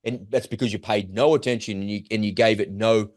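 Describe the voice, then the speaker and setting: A man's voice: on the low side, fairly even intonation, a little fast, no room sound, studio quality. A man, co-hosting a podcast in heated, emphatic casual talk. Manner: heated, emphatic, acts out quoted voices. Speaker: podcast co-host. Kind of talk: casual conversation.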